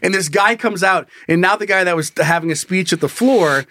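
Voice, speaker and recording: A man's voice: sits high, brisk, bright, forceful tone, slight background noise. A man in casual chat, telling a story with lots of swearing and laughter.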